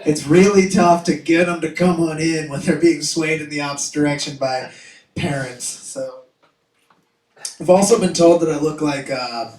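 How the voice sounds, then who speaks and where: A man's voice: a little high, recorded from a distance. Brash young male stand-up comic, echoey. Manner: crude, self-mocking, loud bursts of shouting. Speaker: stand-up comedian. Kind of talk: stand-up comedy set. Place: comedy club stage. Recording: echoey room, mic heard from afar.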